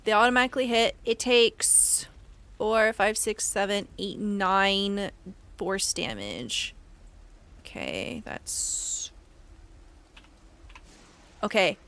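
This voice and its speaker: A woman's voice: medium pitch, animated, takes it slowly, vocal fry, pauses often, a bit bright, clean tone. A woman running a tabletop game as game master, explaining rules patiently and narrating the scene.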